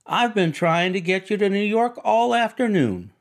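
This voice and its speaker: Man doing a gushing society wife, breathless, high and lively, loud, audiobook. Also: normal speed. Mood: chattering. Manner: breathless, effusive, theatrical.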